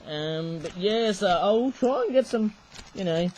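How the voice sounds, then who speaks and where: High-voiced man rambling over toys. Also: lively intonation, a little slow, darkish tone, slight background noise, rough recording. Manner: rambling, often tags sentences with "eh?". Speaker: toy reviewer. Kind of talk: casual show-and-tell vlog.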